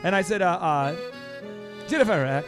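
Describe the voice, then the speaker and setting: A fairly high-voiced man hosts a business coaching podcast, telling anecdotes with big emphatic swings and frequent restarts. Faint music plays underneath his voice. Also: moderate pace. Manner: emphatic, animated storytelling with many restarts. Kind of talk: energetic coaching talk with anecdotes.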